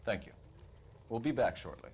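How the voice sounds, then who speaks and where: An actor playing a polite, formal young police detective in a video game. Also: male voice, mid-range voice, expressive, normal speed, darkish tone, a little hiss or hum, close to an everyday voice.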